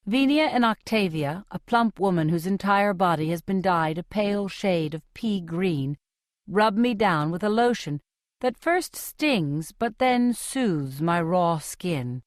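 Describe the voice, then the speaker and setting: A young adult woman reading a novel aloud in measured, clearly separated sentences. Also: fairly low pitch, expressive, no room sound, studio quality. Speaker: audiobook reader. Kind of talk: scripted audiobook narration.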